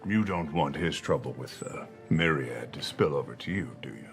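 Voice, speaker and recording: A man voicing a gruff heavy who pressures a clerk, speaking low and slow with menace. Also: animated, soft background music. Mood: menacing.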